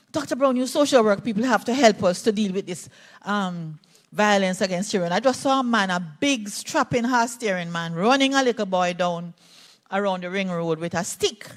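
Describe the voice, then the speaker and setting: An older Jamaican woman, a play therapist, telling a personal story in an animated way at a conference talk. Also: mid-range voice, fairly quick. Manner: animated storytelling, voices quoted speakers. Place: conference hall.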